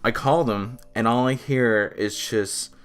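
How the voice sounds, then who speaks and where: Young male podcast co-host, swears a lot in lively anecdotes, faint music behind. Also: mid-range voice, slow, smooth. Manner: animated, profane storytelling. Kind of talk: casual chat.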